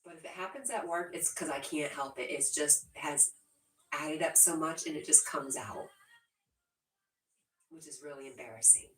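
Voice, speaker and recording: Low-voiced giggly woman in an echoey room. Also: moderate pace, long pauses, fairly bright tone. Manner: giggly, laughs often between remarks. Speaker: livestream host. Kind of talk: casual livestream chat, reading viewer comments aloud. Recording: roomy echo, distant from the mic.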